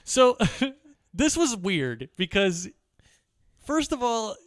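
A man's voice: sits high, very animated, extremely slow, no echo, studio quality. A man co-hosting a podcast, adding wry jokes and asides about a film. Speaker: podcast co-host. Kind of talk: casual film discussion.

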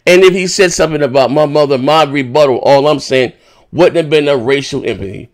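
A man hosting a podcast in casual chat, rambling and swearing as he retells a dispute with animated indignation. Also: on the high side, fairly quick. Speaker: podcast host.

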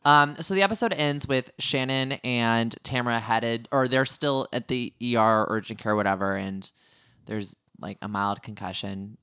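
A man's voice: mid-range voice, steady tone, pushed and bright, clean tone, no echo, clean studio sound. A man co-hosting a podcast, recapping a reality show in a chatty, joking way. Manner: joking, chatty, quick asides. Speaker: podcast co-host. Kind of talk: casual reality TV recap chat.

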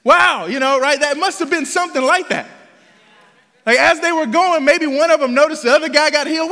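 High, lively male pastor in a reverberant hall. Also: brisk. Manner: casual, asks the congregation rhetorical questions; slangy, drops in "bruh" and "right?". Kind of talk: conversational sermon.

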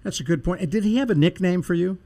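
A man's voice: sits high, fast, warm tone. A male radio host speaks in a slightly raised register. His questions come across as casual, curious and playful. He keeps the exchange light and easy.

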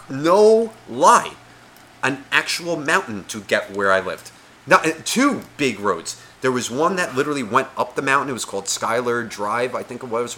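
Co-hosting a podcast, a man tells a story in casual chat, swearing heavily and acting out the voices of the people involved. His mid-range voice is bright with a forceful tone.

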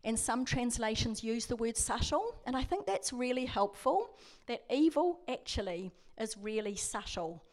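A woman's voice: a little high, expressive, unhurried, hardly any pauses, darkish tone. A woman, preaching a sermon as a prison chaplain in a conversational, storytelling way. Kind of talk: sermon with scripture reading.

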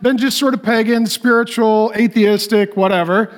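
High-voiced man preaching with animated humor. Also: normal speed. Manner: animated storytelling, laughing often. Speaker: pastor. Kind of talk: humorous sermon.

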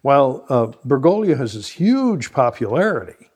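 A priest co-hosts a radio discussion. He fills his sentences with ums and uhs as he works toward each point. His voice is a middle-pitched man's voice. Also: big pitch swings, moderate pace, a little mellow, husky. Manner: hesitant, filler-heavy. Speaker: priest co-host.

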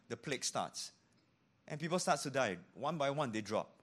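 A man preaching a sermon as pastor, animated, dropping to hushed tones for emphasis and acting out the voices he quotes. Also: fairly high pitch, normal speed, pauses often.

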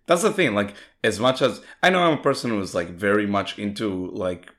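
A laid-back man chatting on a podcast, swearing casually. His voice is on the low side and is still recovering from being lost. The talk is relaxed and loose. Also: moderate pace. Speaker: podcast co-host. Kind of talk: casual chat.

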